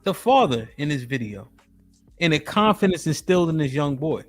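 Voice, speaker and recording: A man hosts a live stream, breaking down a video while casually chatting and greeting chat viewers by name. His voice is a little high and sing-song at a moderate pace, with faint music behind him.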